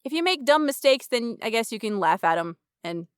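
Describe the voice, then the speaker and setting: A young woman chatting on a podcast with a smooth, resonant voice and a quick, self-mocking humor. She laughs easily at her own stories. The sound is dry and close, with no room around it. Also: a little high, very animated, dry recording. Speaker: podcast co-host. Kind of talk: casual podcast chat.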